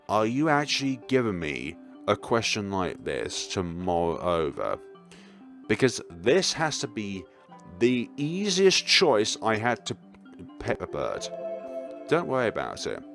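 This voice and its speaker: Animated young man reading a game. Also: lowish voice, slow, long pauses, soft background music. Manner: animated, adds asides and jokes. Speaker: gaming YouTuber. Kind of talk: reading a visual novel aloud.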